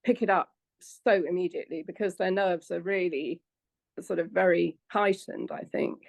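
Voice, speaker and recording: A woman's voice: lowish voice, steady tone, moderate pace, gravelly, no echo. A woman taking part in a video-call session, speaking hesitantly and agreeing often. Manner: hesitant, agreeable, many "yeah"s. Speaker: session participant. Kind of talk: casual chat on a video call.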